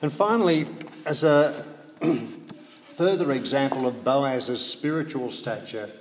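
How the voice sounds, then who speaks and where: A man preaching a sermon in a measured way, with rhetorical questions and dry humorous asides. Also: mid-range voice. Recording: echoey hall, faint background noise.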